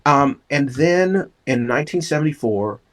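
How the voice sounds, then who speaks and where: A man's voice: a little high, normal speed. A man, a podcast guest telling stories in a casual interview and acting out the voices of people in them. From Tupelo, Mississippi. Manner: animated storyteller who acts out voices.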